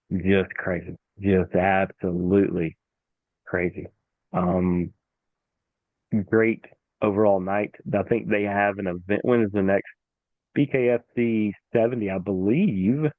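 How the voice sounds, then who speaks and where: Male show host, lowish pitch, lively fight storyteller, phone-quality dry recording. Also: no room sound. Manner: animated storytelling, acts out the referee. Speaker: podcast host. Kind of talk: casual fight-sports recap.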